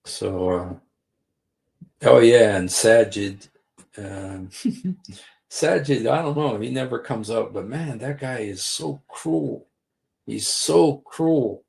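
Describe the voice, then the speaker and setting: A man's voice: medium pitch, lively intonation, slow pace, vocal fry, long pauses, a little mellow. A man hosting a casual livestream, rambling with many fillers and restarts. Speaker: livestream host.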